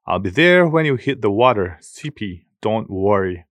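An eager, tearful boy pours out his words in a raised, bright voice. A man puts him on in a storybook reading. The sound is close and dry. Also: lowish voice, lively intonation, normal speed, no room sound. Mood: reassuring. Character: young boy, tearful and earnest. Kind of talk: audiobook character voice.

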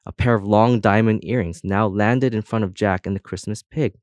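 A man's voice: on the low side, normal speed, no room sound. Man narrating a storybook, dry close sound. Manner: expressive storytelling, voices each object. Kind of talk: audiobook narration.

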